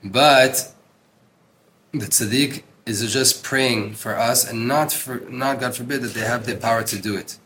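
A religious teacher leads a Torah class, reading a text aloud and translating it while mixing in Hebrew terms. Earnest and emphatic, he repeats words for stress. His mid-range voice is pushed and bright at a measured pace, with a little hiss or hum.

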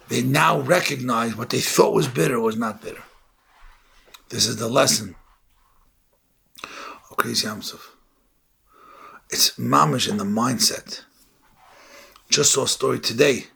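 Gravelly husky guy preaching like a rabbi, gets loud and fired up on the big points. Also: medium pitch. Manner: impassioned, rising to shouts on key points. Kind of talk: sermon with storytelling.

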